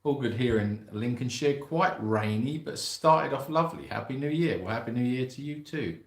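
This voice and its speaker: Brief: jokey man, mid-pitched, hosting a live chat from a room with a noticeable echo. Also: lively intonation, moderate pace, gravelly. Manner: chatty, jokey, reads out viewer greetings. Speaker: sanctuary co-host reading live chat. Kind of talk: casual live-stream chat. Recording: roomy echo.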